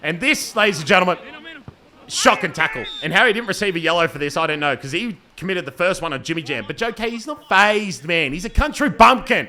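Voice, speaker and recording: A young man giving playful, joking commentary over his own amateur football match, breaking into excited shouts. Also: high voice, fairly quick. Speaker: football commentator and team player.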